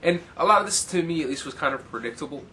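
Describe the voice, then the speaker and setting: Man with a bright, forward tone for a loose, rambling plot recap, with faint hiss behind him. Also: fairly high pitch, expressive, fast talker. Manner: rambling, many fillers, briefly mimics characters' lines. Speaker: film recapper. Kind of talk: casual movie plot recap.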